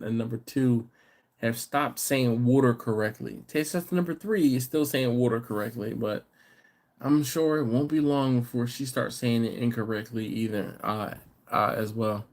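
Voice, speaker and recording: A man's voice: mid-range voice, a little mellow. A tired middle-aged man hosting a casual late-night live stream, chuckling and bantering in a laid-back, slangy way as he reads viewer comments. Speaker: barbecue channel host.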